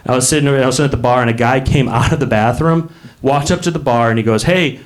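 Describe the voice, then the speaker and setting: A man's voice: medium pitch, quick pace. A man doing a stand-up comedy set on a club stage, telling rambling stories and acting out the voices of people in them. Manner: rambling storytelling, acts out quoted voices. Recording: live club with crowd laughter. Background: audience laughter.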